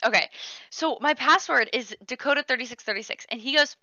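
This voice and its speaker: A woman's voice: high-pitched, brisk, bright, forceful tone, no room sound, highs cut off. A woman co-hosting a podcast in casual chat, blunt and sweary with dry remarks. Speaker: podcast co-host.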